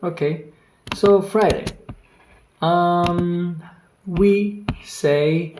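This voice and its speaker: A language teacher giving an online lesson, speaking slowly and patiently, repeating each word several times and exaggerating the pronunciation on purpose. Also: mid-range voice, a little mellow, slight background noise. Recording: roomy echo with faint keyboard clicks.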